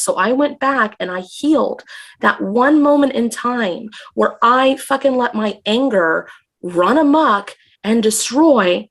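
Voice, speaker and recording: A woman talking as a guest on a casual podcast, intense and emphatic, swearing freely. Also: a little high.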